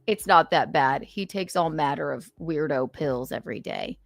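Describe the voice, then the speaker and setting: A woman's voice: sits low, moderate pace, creaky, dry recording, faint music behind. Chatty woman hosting a livestream. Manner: chatty, reads out viewer donations playfully. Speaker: livestream host. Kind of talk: casual livestream chat.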